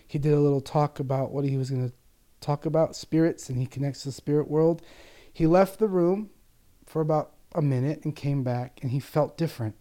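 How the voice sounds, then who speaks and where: Guest: man, psychic medium, warm mellow tone, earnest storyteller who acts out the voices in his stories. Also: fairly high pitch, brisk. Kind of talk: personal storytelling in an interview.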